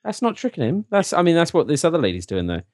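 A Scottish man co-hosting a comedy podcast, teasing and joking in deadpan banter. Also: on the high side, fast, no echo, clean studio sound. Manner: teasing, mock-serious jokes. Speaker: podcast co-host. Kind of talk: casual comedic chat.

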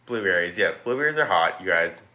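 A man casually recapping a movie, rambling with lots of "like" and throwing in quick impressions of the characters. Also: deep voice, lively intonation, sharp tone. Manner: rambling, heavy use of "like", acts out quotes. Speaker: podcast guest recapping a film. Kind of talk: casual chat.

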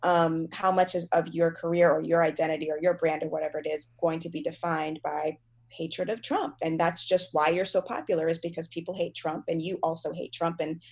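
Animated woman, comedian, lower voice. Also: brisk, slightly rough. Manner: animated, self-deprecating, laughing often. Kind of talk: casual conversation.

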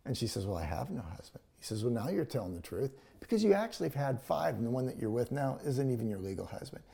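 A man's voice: medium pitch, big pitch swings, fast talker, creaky, dark tone. A man preaching a sermon, retelling a scripture story in a conversational way with paraphrased dialogue.

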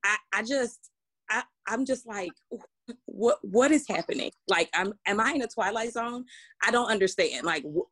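A woman's voice: mid-range voice, expressive, moderate pace, bright, forceful tone, dry recording. A woman, co-hosting a casual podcast discussion, talking emphatically with many restarts. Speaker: podcast co-host.

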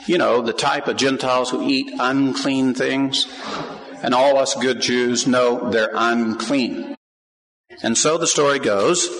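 A man preaching a sermon to a congregation. He reads scripture aloud, asks the listeners questions and rises to emphatic, animated peaks. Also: medium pitch. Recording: long hall reverb.

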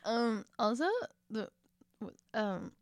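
A woman's voice: a little high, steady tone, takes it slowly, clean tone, no room sound, studio quality. A woman hosting a casual chat podcast, telling a rambling anecdote and laughing between thoughts. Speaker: podcast host.

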